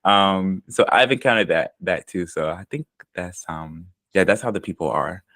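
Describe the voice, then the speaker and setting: Low-voiced American man, loose rambling chat. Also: moderate pace, dry recording. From United States. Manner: relaxed, rambling, with frequent ums and likes. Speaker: interviewee. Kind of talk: casual conversational storytelling.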